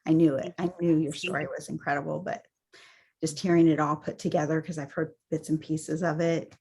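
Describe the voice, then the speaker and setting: Woman, very low gravelly voice, husky, hosting a video call meeting. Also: flat delivery, fairly quick. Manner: warm, emotional, hesitant with ums. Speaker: meeting host.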